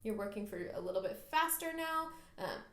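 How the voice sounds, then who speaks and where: A woman's voice: mid-range voice, animated, brisk, fairly bright tone, faint music behind. A woman flute teacher talks the listener through practice step by step. Her tone is patient and encouraging. The room around her rings with echo. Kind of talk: instructional music lesson.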